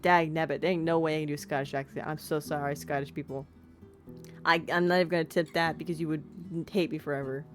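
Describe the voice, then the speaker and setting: A woman's voice: sits low, fairly even intonation, quick pace, faint music behind. A woman streamer playing a story game, reading the text aloud and chatting in a casual, self-deprecating, giggly way. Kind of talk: casual let's-play commentary and narration.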